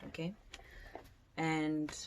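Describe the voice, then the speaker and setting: A woman's voice: deep voice, level tone, very slow. A woman giving a casual tarot reading, chatty and slangy, swearing now and then. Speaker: tarot reader.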